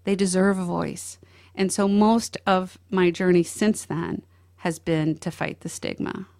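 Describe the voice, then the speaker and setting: A middle-aged woman, a guest, telling a deeply personal story in an earnest, emotional way. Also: steady tone, unhurried, creaky, a little mellow. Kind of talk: personal testimony in an interview.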